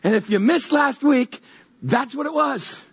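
A pastor giving a conversational sermon, animated and stumbling over repeated words as he reaches for images. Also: very high voice, unhurried, a little hiss or hum.

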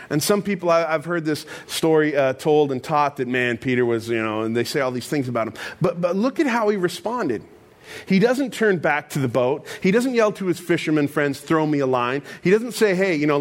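A man delivering a sermon in a loose, chatty way, full of asides and retold dialogue. His voice sits a bit high and moves freely in pitch as he acts out the story. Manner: conversational, animated storytelling with asides. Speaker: pastor.

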